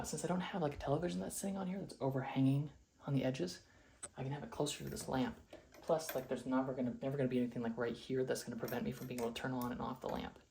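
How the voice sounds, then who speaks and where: Young man, casual home vlogger, rambling and chatty, mid-pitched everyday voice. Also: vocal fry, warm tone, echoey room, a little hiss or hum. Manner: rambling, chatty, filler-heavy. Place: home, rooms and stairs.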